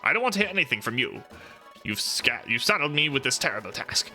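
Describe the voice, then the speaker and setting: A man voicing a shrill, bossy male bird guild officer with a high, scolding delivery while reading game dialogue aloud. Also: very animated, quick pace, sharp tone, soft background music.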